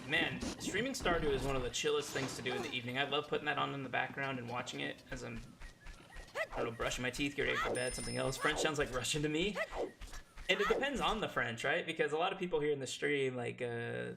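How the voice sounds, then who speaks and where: A man's voice: medium pitch, quick pace, creaky, background noise. A man streaming a game and chatting casually with his audience, reading chat aloud and laughing often. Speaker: language teacher.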